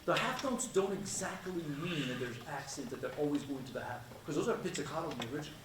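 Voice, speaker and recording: A man coaching a student conductor in rehearsal, gently asking questions and singing melody lines in nonsense syllables. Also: on the high side, expressive, quick pace. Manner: gentle, encouraging, asks many questions. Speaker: conducting clinician. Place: rehearsal room with a band. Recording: echoey rehearsal room, distant mic, band noise.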